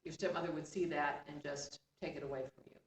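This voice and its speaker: Woman storyteller doing a wise, gentle river fish, reassuring, slightly raised pitch, distant roomy sound. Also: steady tone, brisk. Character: kind wise magical talking fish, male. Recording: roomy, distant, faint background hum.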